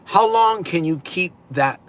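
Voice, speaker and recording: A man hosting a live stream, greeting viewers and slowly posing reflective questions to them. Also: high voice, expressive, a bit bright. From California. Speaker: livestream host.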